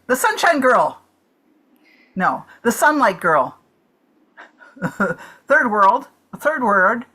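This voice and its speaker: A woman guessing aloud at a game, her voice bright and lively with plenty of swoops. She talks slowly and unhurriedly, piling up one rambling guess after another over a video call. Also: mid-range voice, breathy edge. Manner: rambling guesses, restarts and giggles. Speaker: comedian playing charades. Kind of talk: thinking aloud while guessing.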